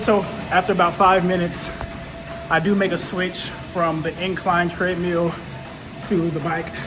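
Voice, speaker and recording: A man vlogging casually about his workout, chatty and easygoing, recorded on a built-in camera mic with no proper microphone. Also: high-pitched. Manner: chatty, easygoing, thinks aloud. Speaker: fitness vlogger. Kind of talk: casual unscripted vlog talk. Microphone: built-in camera mic, no external microphone. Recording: noisy background, no proper microphone.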